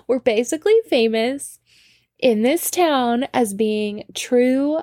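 A woman telling a personal story in a casual, animated way, laughing often and swearing freely. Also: on the high side, takes it slowly, no echo, clean studio sound. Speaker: storyteller sharing a personal anecdote.

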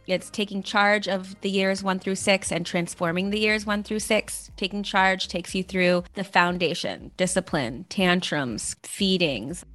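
A woman's voice: medium pitch, a bit bright. A woman, a parenting course co-founder, explaining her work earnestly and with enthusiasm as a guest. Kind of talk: casual conversational interview.

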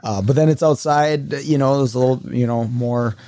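A man's voice: mid-range voice, normal speed, dark tone. A man in a casual chat, talking in an easygoing, rambling way with fillers.

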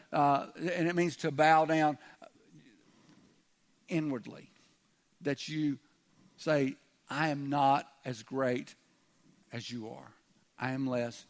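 A man preaching a sermon as pastor, speaking conversationally and restarting words, sometimes acting out quoted voices. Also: mid-range voice. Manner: conversational, repeats words when starting, acts out quoted voices.

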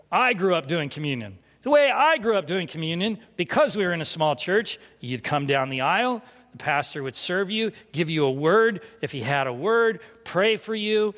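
A man preaching a sermon through a lively personal story, self-mocking and laughing often. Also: on the high side. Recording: long reverb of a large hall.

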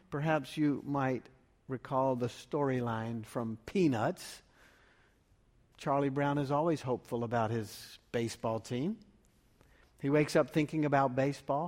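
A man delivering a sermon as pastor, measured and full of rhetorical questions. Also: a little high, a little mellow. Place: church sanctuary. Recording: long reverb of a large room.

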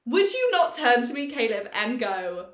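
A woman co-hosting a podcast, telling a story in a lively, swearing, self-mocking way. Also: fairly high pitch, normal speed, reverberant. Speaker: podcast co-host. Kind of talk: casual storytelling chat.

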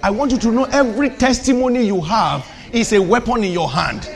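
A man preacher delivering a fervent sermon, asking the audience questions and building to shouted declarations. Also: high voice, a little fast, few pauses, soft background music. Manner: teasing, asks the audience questions.

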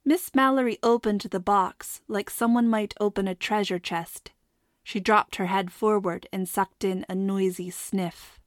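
Woman, audiobook narration, steady, measured, dry close recording. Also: mid-range voice, dry recording.

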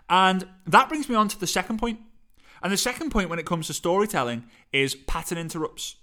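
A man with a Liverpool accent coaching on storytelling in a lively, playful way that swings his voice high and low, talking into a microphone. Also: fairly quick. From Liverpool, England. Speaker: speaking coach. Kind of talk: energetic teaching talk. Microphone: studio microphone.

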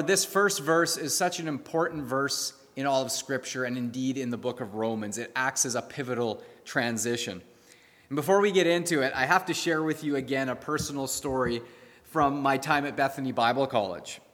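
A man, preaching a sermon in an earnest, measured, storytelling way. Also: mid-range voice, a bit bright. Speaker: pastor. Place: church sanctuary. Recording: long reverb of a church hall.

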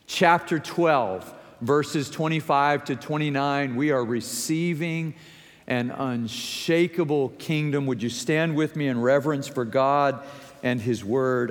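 Slow-preaching pastor in a big reverberant hall. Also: male voice, medium pitch. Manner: storytelling, slow and deliberate with emphatic rises. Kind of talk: sermon. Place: large church sanctuary. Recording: long reverb of a large sanctuary.

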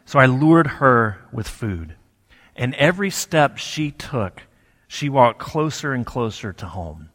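A man giving a sermon in a conversational, storytelling way, with pauses for effect. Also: medium pitch, big pitch swings, a bit bright. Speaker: pastor. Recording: long hall reverb.

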